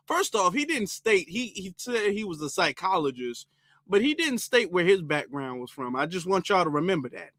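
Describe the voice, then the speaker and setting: A man's voice: high voice, sing-song, moderate pace, a bit bright, no room sound, studio quality. A man giving casual, emphatic reaction commentary on a clip, talking straight to his viewers.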